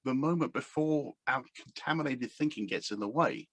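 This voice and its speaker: Husky-voiced man musing aloud. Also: medium pitch, expressive, moderate pace, a bit bright, dry recording. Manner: rambling and hesitant, with many fillers and restarts. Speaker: coach. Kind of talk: casual talk to camera. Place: indoors at a table. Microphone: camera standing on the table.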